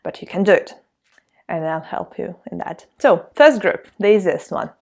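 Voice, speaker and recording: A woman's voice: fairly low pitch, expressive, vocal fry. A woman from Russia with a Russian accent, teaching a language lesson in a patient, encouraging way. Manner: patient, encouraging, reads words slowly for repetition.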